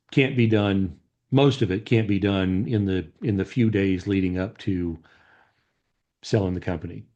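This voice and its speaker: Low-voiced podcast host. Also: male voice, darkish tone. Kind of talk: interview questions.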